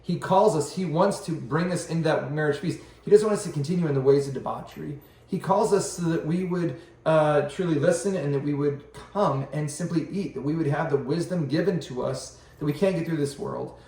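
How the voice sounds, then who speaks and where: A pastor talking through scripture in a relaxed, chatty way, with a fairly high voice for a man. He livens up and puts on little voices to act out what people say. He sits back from the mic in a roomy space with a lot of echo. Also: fairly quick. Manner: lively, slips into voices when quoting people. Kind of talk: casual Bible discussion. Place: room at home. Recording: roomy, distant home recording.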